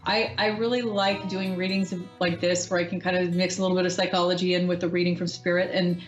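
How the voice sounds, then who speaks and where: A woman hosting a live call-in psychic radio show, talking in a gentle, reassuring way with frequent ums. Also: lowish voice, flat delivery, fast talker, dull audio, soft background music.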